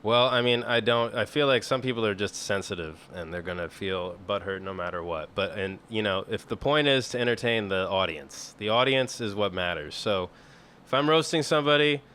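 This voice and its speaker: A man's voice: lowish voice, animated, moderate pace, bright, forceful tone. A man chatting casually on a comedy podcast, blunt and profane, rambling with lots of filler words.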